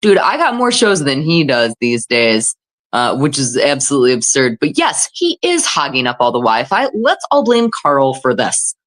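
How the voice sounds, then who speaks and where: A woman's voice: extremely low pitch, very animated, normal speed. A woman hosting a casual livestream, reading chat comments aloud and chatting in a self-deprecating, filler-heavy way. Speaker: livestream host.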